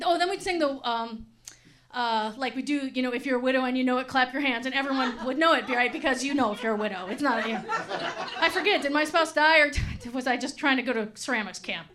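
A woman's voice: high-pitched, brisk, a crowd in the background. A woman doing a stand-up comedy set, chatty and laughing, with lots of "like" and "right?".

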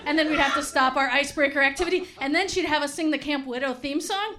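A woman's voice: high voice, fast talker, bright, forceful tone, slight background noise. A woman doing a stand-up comedy set, chatty and laughing, with lots of "like" and "right?".

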